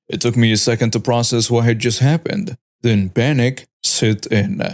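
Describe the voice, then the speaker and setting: A man's voice: mid-range voice, a little mellow. A man reading a scripted first-person story with a dramatic storytelling delivery. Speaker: story narrator.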